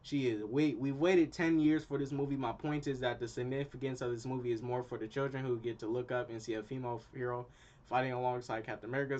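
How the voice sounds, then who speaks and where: A young man in college, a channel host, ranting casually in an animated, slangy, repetitive way, with a dull lo-fi sound. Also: mid-range voice, fast. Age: young adult. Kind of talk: casual opinion rant.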